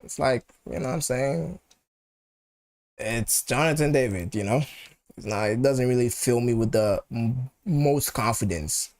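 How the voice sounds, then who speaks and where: A man's voice: mid-range voice, measured pace, a little mellow. Chatty Nigerian man hosting a match watchalong. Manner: chatty, repeats phrases, mixes pidgin and English. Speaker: football channel host. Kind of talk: live match watchalong chat.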